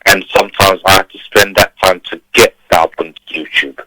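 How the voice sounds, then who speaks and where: A man's voice: low-pitched, fairly even intonation, brisk, noisy background. A man calling in to a community radio talk show, ranting emphatically and repeating himself. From Turkey. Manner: emphatic, repetitive, preachy. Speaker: caller. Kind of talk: impassioned phone-in rant.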